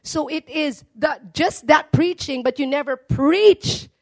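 A woman's voice: high voice, slow pace, darkish tone. A woman preaching a sermon, emphatic and calling out to her congregation for responses.

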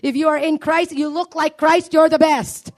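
A woman preaching a sermon, rising to high, emphatic peaks. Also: little pitch movement, moderate pace.

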